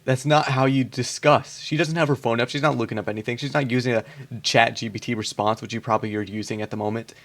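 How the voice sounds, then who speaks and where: Guy with a gravelly fry voice ranting at a debate clip, blunt and sweary. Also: mid-range voice, fairly even intonation, quick pace, fairly bright tone. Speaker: reaction commentator. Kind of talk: mocking reaction commentary.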